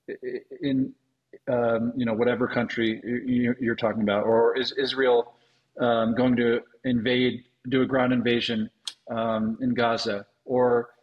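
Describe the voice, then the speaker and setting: A man in a relaxed interview, speaking at a medium pitch. He pauses often with ums and restarts his sentences as he thinks aloud. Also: lo-fi sound. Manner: halting, many ums and restarts. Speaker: venture investor guest. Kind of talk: conversational interview answers.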